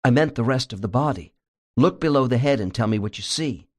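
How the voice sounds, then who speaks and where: A man voicing a hypnotherapist who speaks in a calm, reassuring way. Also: mid-range voice, a little fast, natural voice.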